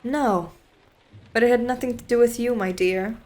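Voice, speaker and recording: A woman's voice: fairly high pitch, normal speed, a little mellow, lightly acted. A woman reading as a breezy, blunt stallholder. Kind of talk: reading a visual novel aloud.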